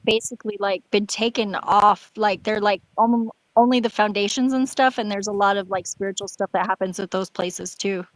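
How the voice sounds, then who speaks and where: A woman's voice: mid-range voice, fairly even intonation, normal speed, few pauses, no echo, poor audio. A woman in a casual group voice chat who hedges and fills her talk with "like.". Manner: hedging, filler-heavy talk.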